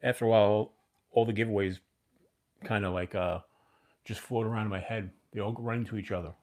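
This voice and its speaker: A man's voice: lowish voice, steady tone, a little fast, darkish tone. A man in his fifties hosting a casual livestream, rambling and chatting with viewers. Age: 50s. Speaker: livestream host.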